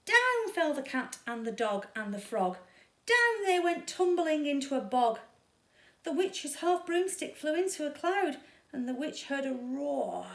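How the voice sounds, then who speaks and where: A woman reading a children's story aloud at a storytime, slow and dramatic. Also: high voice, sing-song, far from the mic. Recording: echoey room.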